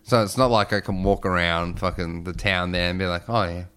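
A man in casual chat, telling a sweary, animated story and laughing as he goes. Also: deep voice, brisk, clear, resonant tone.

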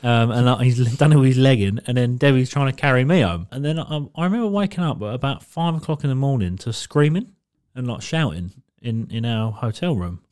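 A podcast co-host rambles through a sweary story, laughing as he goes. His mid-range voice is lively and brisk with few pauses and a slightly dark tone.

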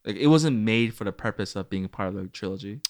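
A young man with a lowish voice chats casually about movies. He tells stories with plenty of fillers and lurches up in pitch when he gets excited. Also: fast. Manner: chatty storyteller, many fillers, jumps up in pitch when excited.

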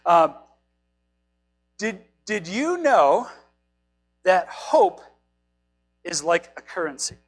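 A man's voice: sits high, big pitch swings, drawn-out words, pauses often, poor audio. A man in his thirties or forties, probably, preaching a casual, chatty sermon, joking about himself and asking his listeners questions. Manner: chatty, self-deprecating, asks the listeners questions. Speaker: pastor.

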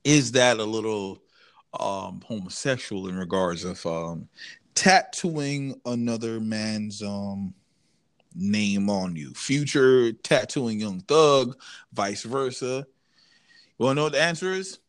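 Podcast dude ranting loud then muttering low, aave, voice jumps all over. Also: male voice, unhurried, vocal fry. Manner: animated, swings between loud rants and low mutters. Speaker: podcast co-host. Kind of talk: casual podcast banter.

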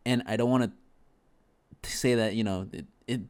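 A man's voice: mid-range voice, fairly even intonation, moderate pace, a little mellow. A man on a casual podcast chat, talking thoughtfully and hesitantly, with many "you know"s and restarts. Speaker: podcast co-host.

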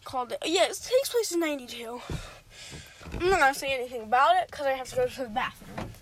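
High-voiced woman gushing about a book, lots of likes, faint hiss in the background. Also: animated, fast. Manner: rambling, full of fillers and restarts, enthusiastic. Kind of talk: casual podcast chat, book review.

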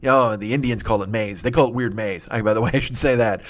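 His voice sits fairly low and he talks fast. The man is a comedy podcast host riffing on a profane, made-up-on-the-spot rant while switching into silly character voices.

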